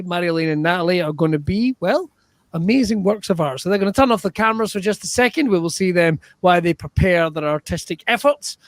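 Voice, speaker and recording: A man runs an improv show over a video call, excitable and jokey, and he swears freely. His voice sits a touch high, and the sound is dry and close. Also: dry recording. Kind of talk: livestream improv hosting.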